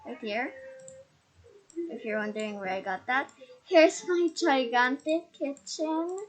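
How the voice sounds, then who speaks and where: A woman's voice: high-pitched, slow. A shy, nervous woman hosting a casual game house tour. She stutters and restarts often, her voice muffled by a face mask as she records on a laptop.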